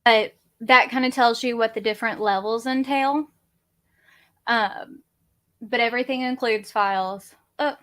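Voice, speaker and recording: A woman talks slowly and easily on a casual livestream from her home office. Her voice sits a little high, and she rambles and pokes fun at herself. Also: a bit bright. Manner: rambling, chatty, self-deprecating. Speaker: crafting channel host.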